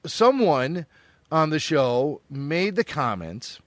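A Midwestern man co-hosting a podcast, his voice slightly high and swinging widely in pitch. He talks in a playful, animated way, laughing often, and the recording is close and dry. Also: takes it slowly, no echo. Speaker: podcast co-host. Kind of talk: casual podcast chat.

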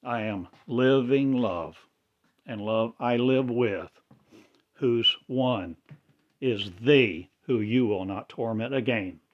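Man, religious monologue, incantatory, fragmented phrasing, very slow delivery, muffled lo-fi sound. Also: mid-range voice. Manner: cryptic, incantatory, with broken phrasing. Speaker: self-styled religious speaker.

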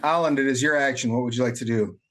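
A man runs the table as game master, calm and deliberate as he reads out rules and effects. His voice sits at an ordinary middle pitch. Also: a little hiss or hum.

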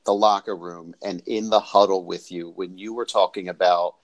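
A man's voice: low voice, steady tone, normal speed, lo-fi sound. A man hosting an interview, talking earnestly and effusively with many restarts. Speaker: host. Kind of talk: casual interview.

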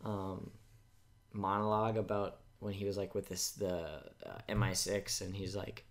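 A man's voice: lowish voice, little pitch movement, normal speed. A young man co-hosting a podcast, chatting eagerly about films with lots of fillers. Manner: enthusiastic, many fillers, mumbles. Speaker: podcast co-host. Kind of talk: casual movie chat.

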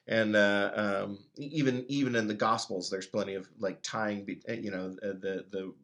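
A man co-hosting a casual Bible-study chat, asking questions in a halting way, searching for words. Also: on the low side, steady tone, a bit bright. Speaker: podcast co-host asking about weekly readings.

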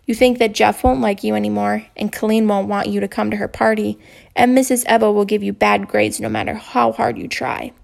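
A patient, kind school counselor, read by a woman from a storybook. She speaks softly and reassuringly at a middle pitch. Her voice carries a gravelly fry. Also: steady tone, fairly quick. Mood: gentle. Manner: soft, reassuring.

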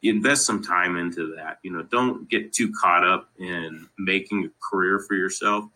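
Low-quality audio carries a man's low, sharp-toned voice at a moderate pace. He's a podcast guest from Colorado telling family stories, loose and rambling, laughing as he goes and relying constantly on "you know" in this easygoing interview.

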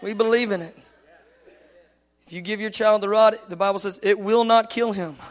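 A man in his thirties preaching a sermon, moving between loud passionate declarations and soft, tender storytelling. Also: high voice, steady tone, moderate pace. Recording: long hall reverb.

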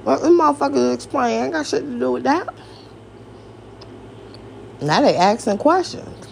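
A woman's voice: sits high, animated, moderate pace, gravelly, darkish tone, a little hiss or hum. A woman hosting a podcast, ranting in a casual, exasperated, profane way and firing off rhetorical questions. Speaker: podcast host. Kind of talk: casual rant.

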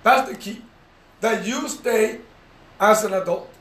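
A man's voice: high voice, slow pace, a bit bright, reverberant, recorded from a distance. A man teaching a relationship lesson, emphatic and repetitive, asking the listeners rhetorical questions. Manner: emphatic, repeats key phrases, asks rhetorical questions. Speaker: relationship coach. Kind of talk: motivational teaching talk.

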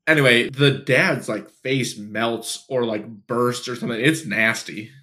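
A man co-hosting a podcast in a mid-pitched voice. He recaps a horror movie in relaxed chat, throwing in dry jokes and casual swearing. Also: a little slow. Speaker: podcast co-host.

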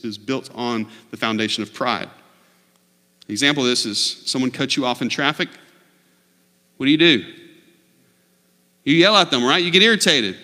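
Pastor, male, bright tense voice, earnest preaching, big reverberant hall. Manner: earnest preaching, swings from low and quiet to loud mock-shouting. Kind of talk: sermon. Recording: long reverb of a large hall.

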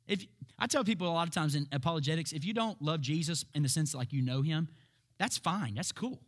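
A man delivers an emphatic sermon packed with rhetorical questions, occasionally laughing and building to shouted peaks. His voice is on the high side and he speaks quickly.

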